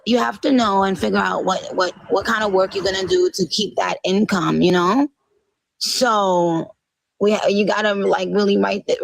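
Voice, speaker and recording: A woman speaking casually in a conversation, relaxed and halting, often restarting her phrases. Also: medium pitch, creaky, dry recording, rough recording. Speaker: interviewee in a played clip.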